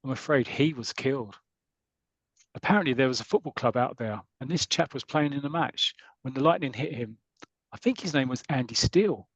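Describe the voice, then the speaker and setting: A man voicing a calm male hospital doctor from a comic, in a measured, reassuring way, close to his own voice. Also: medium pitch, breathy edge, dry recording, lo-fi sound.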